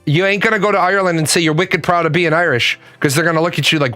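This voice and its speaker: A man's voice: on the high side, fast, bright, forceful tone, faint music behind. A man giving heated, profane reaction commentary, ranting emphatically.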